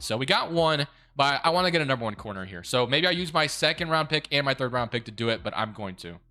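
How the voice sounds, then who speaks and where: A young man giving casual commentary over a football video game, excitable and quick to rant in frustration. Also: a little high. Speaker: gaming YouTuber.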